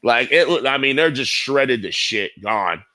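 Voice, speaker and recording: A middle-aged man with a bright, forceful voice, spinning loose stories as an interview guest. He rambles, swears freely and leans on fillers, in a dry, close recording. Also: mid-range voice, expressive, a little slow, dry recording. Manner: rambling, profane, heavy with fillers. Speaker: guest skateboarder. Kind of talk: casual storytelling interview.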